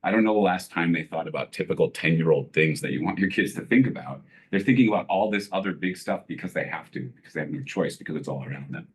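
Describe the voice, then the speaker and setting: A deep-voiced man speaking up as a parent at a school board meeting. He talks earnestly, stopping and restarting often with many fillers. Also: quick pace, few pauses. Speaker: parent giving public comment. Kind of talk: emotional public comment at a meeting.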